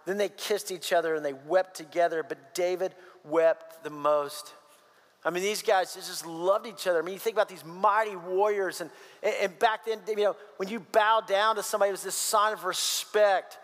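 A man preaching a sermon, reading scripture and acting out the voices of the story with animated, casual asides. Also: high voice, in a large hall. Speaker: pastor.

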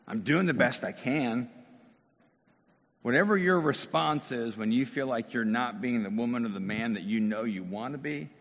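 A male pastor giving a lively, conversational sermon. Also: mid-range voice. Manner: animated, conversational preaching. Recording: long hall reverb.

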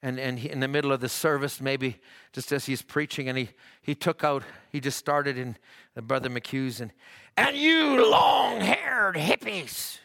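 A pastor preaching a sermon in church, rising to fervent shouts, with frequent halting restarts. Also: male voice, mid-range voice, little pitch movement, smooth.

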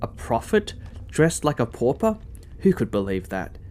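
A man's voice: medium pitch, expressive, normal speed, a little mellow, slight background noise, close to an everyday voice. A man voicing a stern male palace guard in a storybook reading, barking and scornful. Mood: mocking.

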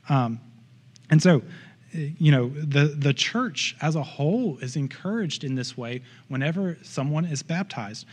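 A man's voice: on the high side, a little mellow. A man preaching a sermon in church, in an earnest, conversational way with frequent asides to the congregation. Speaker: pastor.

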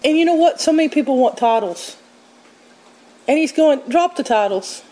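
A woman with a fairly high voice teaches from the Bible in a loose, conversational way. She keeps it animated, slipping into little voices as she quotes verses and retells what people said to her. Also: normal speed, low-quality recording.

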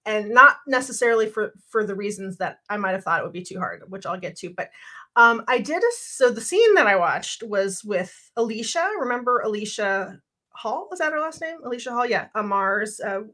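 Middle-aged woman podcast co-host, bright tone, chatty, laughs a lot. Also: mid-range voice, moderate pace. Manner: animated, laughs often, rambling restarts. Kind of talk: casual chat.

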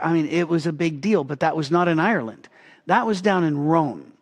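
A middle-aged pastor preaches with a slightly raised pitch. He tells stories earnestly and slows down with deliberate pauses to let a point land. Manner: storytelling, earnest, measured with pauses. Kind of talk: sermon.

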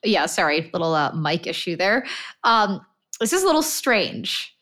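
A woman's voice: on the low side, sing-song, unhurried, fairly bright tone. A woman co-hosting a casual interview, asking a question with a few hesitant fillers. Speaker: co-host.

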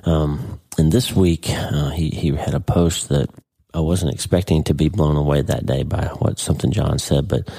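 A middle-aged man with a very deep, mellow voice hosts a podcast. He talks earnestly and off the cuff, with a husky edge to his tone. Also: fairly even intonation, moderate pace. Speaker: podcast host. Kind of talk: casual podcast talk.

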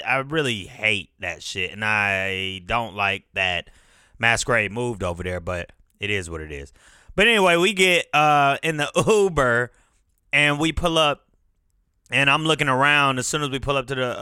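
Man, casual rambling profane storytelling, very bright clear voice, dry sound. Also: mid-range voice, lively intonation, normal speed, no echo. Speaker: vlogger.

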